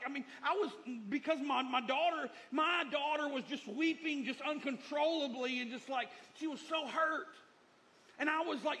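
A man's voice: very high voice, normal speed, sharp tone. A middle-aged male pastor preaching a sermon, emphatic and repetitive, moving between lessons and personal stories.

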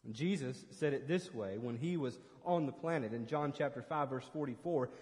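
A man's voice: mid-range voice, normal speed, a little mellow, big-room sound. A man preaching an expository sermon as pastor, earnest and emphatic, often restarting phrases.

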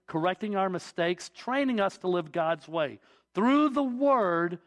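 A man in his forties preaching a sermon, telling stories and pressing his points with emphatic, preacherly build-ups. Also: sits high. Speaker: pastor.

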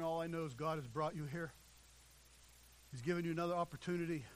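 A man pastor preaching an impassioned sermon in a church, swinging between loud and hushed delivery. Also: a little high, slight background noise. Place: church sanctuary.

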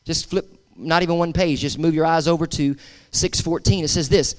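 A pastor with a slightly high voice and fairly even intonation preaches at a moderate pace. He stresses points by repeating words, draws call-and-response from the congregation, and slips in casual asides.

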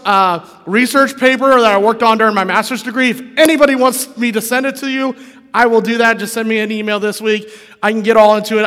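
The long reverb of a large hall carries a pastor's high, somewhat bright voice. He preaches casually and conversationally, regularly questioning the congregation.

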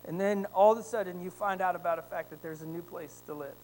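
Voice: medium pitch, fast, darkish tone, a little hiss or hum. A pastor delivers a sermon to his church, spinning an everyday story and turning it into a lesson. He speaks straight to the congregation, tossing in "right?" to pull listeners along, and builds toward fervent, emphatic declarations. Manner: storytelling, addressing the congregation directly with rising fervor; frequent "right?" tag questions.

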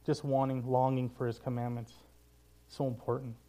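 A man leading a Bible study, preaching in a casual, self-deprecating, storytelling way that turns quiet and earnest. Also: mid-range voice, little pitch movement, moderate pace. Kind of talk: casual sermon.

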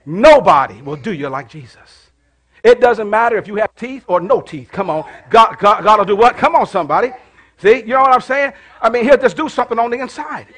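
Middle-aged pastor preaching in church, high voice, calls out then goes quiet and prayerful. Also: male voice, animated, fast talker. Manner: call-and-response preaching, rising to shouts and dropping to hushed prayer. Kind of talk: sermon.

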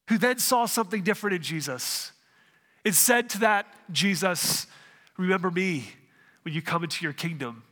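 A man preaching a sermon as pastor, earnest, with dramatic pauses, in a church sanctuary. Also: high-pitched, bright, forceful tone, long reverb tail.

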